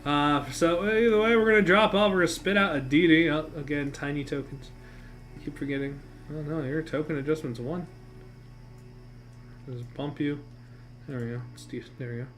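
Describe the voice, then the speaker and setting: A man's voice: a little high, fairly even intonation, normal speed, long pauses, fairly bright tone, faint music behind. A man acting as game master who recaps and narrates a tabletop game on a stream in a casual, rambling way, swearing freely and correcting himself as he goes.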